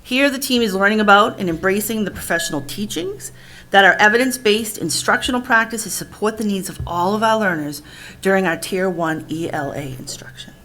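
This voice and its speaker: A woman reads a prepared school-district report in a formal, measured way. Her pitch sits in the middle, and a little steady hiss runs under the voice. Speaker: district literacy administrator. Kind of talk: read presentation narration.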